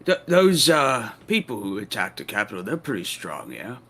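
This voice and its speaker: A man role-playing a ruler in a tabletop game, speaking in a slow, commanding way. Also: fairly low pitch, huge pitch swings, bright, forceful tone. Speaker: player. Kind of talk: in-character tabletop role-play.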